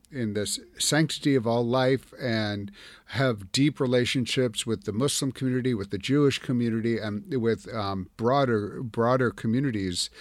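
A man's voice: mid-range voice, no echo. A man hosting a radio interview, asking thoughtful, searching questions and often restarting his sentences. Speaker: radio show host.

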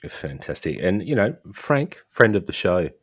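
A man's voice: low-pitched, big pitch swings, normal speed, slightly rough, no room sound. A man co-hosting a podcast in casual chat, with a dry and wry manner. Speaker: podcast co-host.

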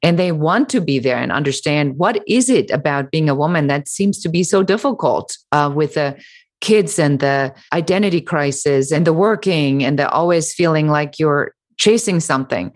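A middle-aged woman who is an author and business founder answers interview questions animatedly and emphatically, with sarcastic mimicry. Her voice sits low.

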